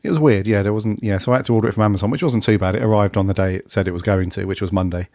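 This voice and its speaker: Man, croaky head cold, low voice, dry close sound, chatty casual podcast talk. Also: racing, darkish tone, no echo. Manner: chatty, says "mate" a lot. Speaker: podcast co-host. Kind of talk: casual chat.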